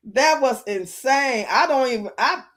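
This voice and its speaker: A woman's voice: fairly high pitch, fairly bright tone. A middle-aged woman hosting a livestream, chatting casually and telling stories, laughing often and acting out what people said. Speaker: livestream host. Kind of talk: casual storytelling chat.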